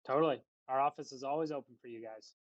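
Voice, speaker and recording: A man's voice: mid-range voice, quick pace, dry recording, muffled recording. A man from western Canada, a guest on a casual podcast interview, rambling and chatty with lots of fillers.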